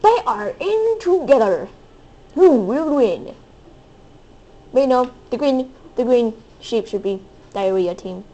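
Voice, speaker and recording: Hyper high-voiced woman gaming. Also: expressive, slow pace, long pauses, mellow, lo-fi sound. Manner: hyper, squealing and playful. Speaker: gaming video host. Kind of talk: excitable gameplay commentary.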